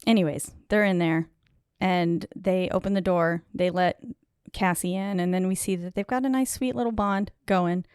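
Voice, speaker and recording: A woman's voice: on the low side, fairly even intonation, normal speed, darkish tone, smooth, no echo, studio quality. A woman co-hosting a podcast, casually recapping a movie scene by scene with lots of "like" and "um". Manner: chatty, retells scenes with lots of "like". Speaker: podcast co-host.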